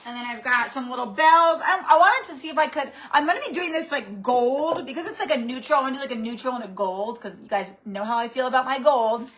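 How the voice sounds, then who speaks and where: Speaking fast with hardly any pauses, this craft channel host has a high, fairly bright voice. She rambles chattily through her live-stream craft tutorial, greeting viewers by name.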